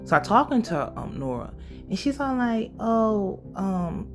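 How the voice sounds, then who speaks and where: A woman's voice: a little high, very animated, normal speed, music in the background. A woman giving a casual, blunt and profane recap of a TV episode, full of her own opinions. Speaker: show recap host.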